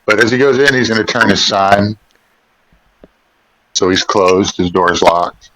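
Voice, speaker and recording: A man's voice: lowish voice, measured pace, sharp tone, rough recording. A man playing in a tabletop game, describing his character's actions in a rambling way. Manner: rambling, full of likes. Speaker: player. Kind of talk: casual tabletop play.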